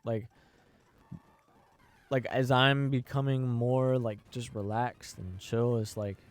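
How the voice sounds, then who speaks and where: A man's voice: mid-range voice, steady tone, slow pace. A young man talking casually on a podcast, rambling and full of fillers and restarts. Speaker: podcast host. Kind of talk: casual chat.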